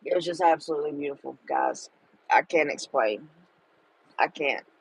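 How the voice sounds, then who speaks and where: A woman's voice: sits low, normal speed, creaky, slightly rough, rough recording. A middle-aged woman, talking to viewers in a casual livestream chat, tender and emotional. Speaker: livestream host.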